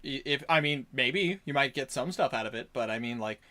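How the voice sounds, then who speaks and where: A game master chatting casually over a voice call, animated, rambling and laughing often. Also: mid-range voice, a little fast.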